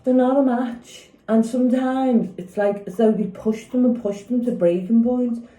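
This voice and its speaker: A woman in her fifties rambles through her opinions in a casual vlog, looping back on herself and seeking agreement. Her voice is deep-toned and very mellow, with no brightness at all. The room around her rings with a noticeable echo. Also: fairly even intonation, unhurried. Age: 50s. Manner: rambling, opinionated, keeps asking "do you know what I mean". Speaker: vlogger. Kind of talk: casual opinion chat about a TV show. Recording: echoey room.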